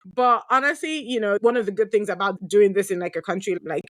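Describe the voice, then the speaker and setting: She talks fast in a medium pitch, captured in a dry recording: a woman in her thirties hosting a podcast and taking listener questions. Lively and chatty, she shares candid stories, laughs often and fills her speech with asides and fillers.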